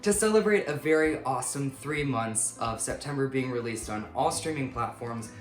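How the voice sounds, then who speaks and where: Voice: mid-range voice, expressive, normal speed, soft background music. A singer-songwriter chatting casually and upbeat about making an album, with a self-mocking streak. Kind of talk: casual behind-the-scenes chat. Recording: roomy echo.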